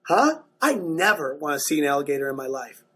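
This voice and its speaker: A man doing stand-up, telling a profane story in an animated way, dropping to mumbled asides and jumping to loud bursts. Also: a little high, fairly quick, slightly rough. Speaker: stand-up comedian.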